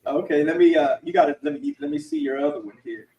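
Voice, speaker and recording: A man's voice: fairly high pitch, huge pitch swings, quick pace, gravelly, dark tone, recorded from a distance. Chatty man hosting a panel, roomy sound. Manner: chatty, works the screen while talking. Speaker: panel host. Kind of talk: casual panel chat. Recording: roomy sound, away from the mic.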